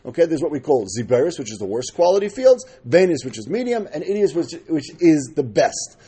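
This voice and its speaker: A man's voice: a little high, very animated, a little fast, dark tone, breathy edge. A man teaching a daily Talmud class, explaining step by step and asking and answering his own questions.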